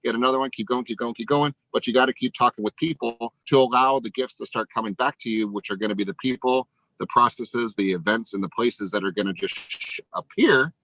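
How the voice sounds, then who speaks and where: A man giving an energetic motivational pep talk as a sales coach, emphatic, tagging lines with "right?". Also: medium pitch, brisk, hardly any pauses, low-quality recording.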